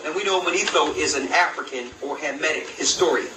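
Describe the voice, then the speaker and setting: A man reading aloud from an old history text and commenting on it, slowly and emphatically, with rhetorical questions. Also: fairly high pitch. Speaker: religious video host. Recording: roomy echo, distant mic, noisy background.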